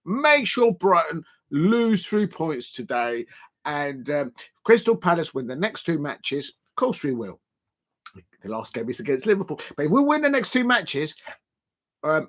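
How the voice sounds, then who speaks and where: A man hosting a live football watch-along, chatting to viewers and shouting excitedly when goals go in. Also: on the high side.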